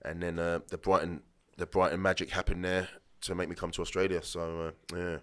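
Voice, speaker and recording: A low, level male voice with a fairly bright, clean tone comes at a fairly quick pace. It belongs to a former footballer in his late thirties, a podcast guest whose casual storytelling rambles, restarts and acts out the lines he quotes.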